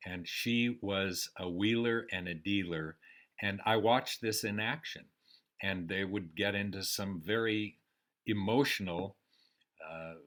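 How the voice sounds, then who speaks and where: Older american man, very deep voice, slow rambling memoir, pauses and fillers. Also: a bit bright. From United States. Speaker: memoir storyteller. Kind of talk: casual spoken memoir.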